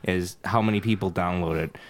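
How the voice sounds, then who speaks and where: A man's voice: low voice, fairly even intonation, a little fast. A man hosting a podcast, talking in crude casual banter and goading his co-host.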